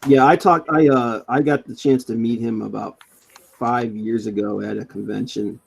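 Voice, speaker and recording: A man's voice: mid-range voice, steady tone, moderate pace, creaky, husky. A man hosting a casual podcast chat in a laid-back way, laughing and calling people dude and man.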